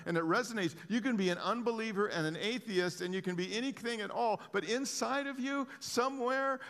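Male pastor, sermon, fairly high voice, impassioned, long hall reverb. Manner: impassioned, swinging between hushed and raised, frequent restarts.

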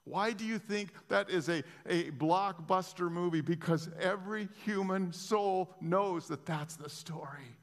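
Impassioned preacher in a reverberant hall. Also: male voice, high voice, a little slow, hardly any pauses. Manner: impassioned, swinging between hushed and raised, frequent restarts. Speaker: pastor. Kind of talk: sermon.

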